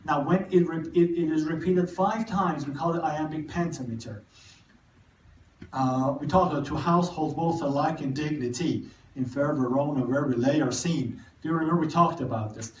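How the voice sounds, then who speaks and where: A man giving a live literature lecture, talking haltingly with many repeated words and restarts. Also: on the high side, a little hiss or hum. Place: cinema hall. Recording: echoey room, mic far off.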